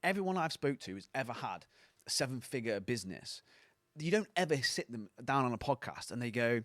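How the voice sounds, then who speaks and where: A man's voice: medium pitch, very animated, fairly quick, a bit bright, no echo. A man, a coaching mentor, giving blunt, sweary, sarcastic advice as a guest on a casual podcast.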